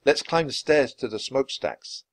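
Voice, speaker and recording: A man's voice: mid-range voice, animated, normal speed, voice pushed up. A man voicing an anxious young boy. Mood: urgent.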